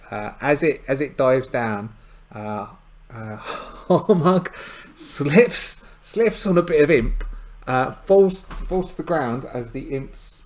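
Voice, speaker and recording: Guy narrating his solo tabletop game, slow, lots of uhs and tangents. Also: mid-range voice. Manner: rambling, hesitant, many fillers and asides.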